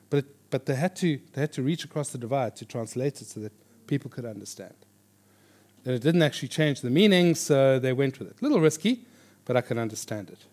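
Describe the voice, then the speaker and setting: A man teaching a church class on reading the Bible, in a lively, joking conversational way. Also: mid-range voice. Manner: animated, jokey, with lively quoted voices. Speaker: pastor teaching a Bible course. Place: church hall before an audience.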